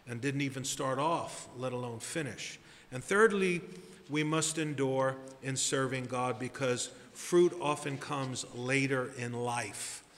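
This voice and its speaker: A man preaching a sermon as pastor, deliberate and emphatic, building to stressed repeated phrases. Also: medium pitch, a bit bright, big-room sound.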